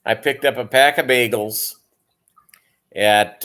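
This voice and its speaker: Tired male livestream host, slow and rambling, filler-heavy casual chat with viewers. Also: fairly low pitch, a bit bright, clean tone. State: tired, yawning.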